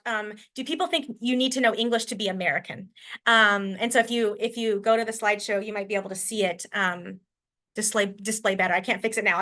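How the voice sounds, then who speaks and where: A woman teacher from Washington State presents to fellow educators in a quick, bright voice pitched a bit high. She talks in a chatty way, thinking aloud with fillers and restarts. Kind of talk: conference presentation.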